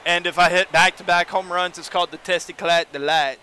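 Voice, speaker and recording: A young man casually commentating a baseball video game on a live stream, joking with his chat and getting excitable. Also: high-pitched, fairly quick, a little hiss or hum.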